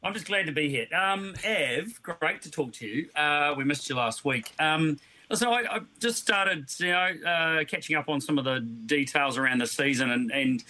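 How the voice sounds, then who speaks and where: A man co-hosting a sports radio chat, jokey and relaxed, rambling a little as he talks. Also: fairly high pitch, moderate pace. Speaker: radio co-host.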